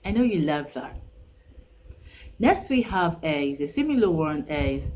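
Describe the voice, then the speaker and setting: A woman with a fairly low voice teaching English at a very unhurried pace. She says each phrase again and again with emphasis. A faint hiss sits under the recording. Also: very animated. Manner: repeats phrases slowly with emphasis. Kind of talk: English vocabulary lesson.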